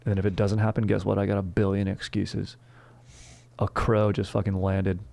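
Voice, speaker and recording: A man's voice: fairly low pitch, completely flat delivery, normal speed, gravelly, warm tone. A young man hosting a comedy history show, rambling in a slangy, profane way and calling everyone dude and bro. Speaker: comedy history podcast host.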